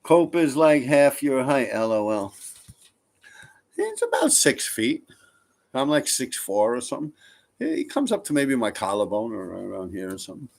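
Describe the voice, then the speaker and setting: Reading comments on his live stream, a relaxed New Yorker rambles and curses freely. His voice is medium in pitch but swings wildly up and down, creaky and somewhat dark, delivered at a normal speed.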